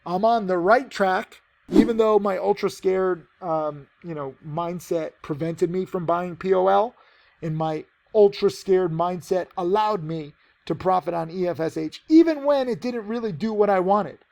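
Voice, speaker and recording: A man's voice: sits high, unhurried, vocal fry, darkish tone. A man teaching penny stock trading, giving a casual, rambling trade recap with many fillers.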